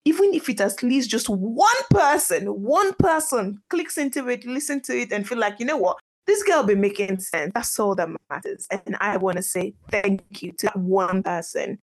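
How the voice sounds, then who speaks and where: A young woman hosting her own podcast from her kitchen at home, talking in a chatty, excitable way and often laughing. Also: medium pitch. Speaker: podcast host. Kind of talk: casual solo podcast chat.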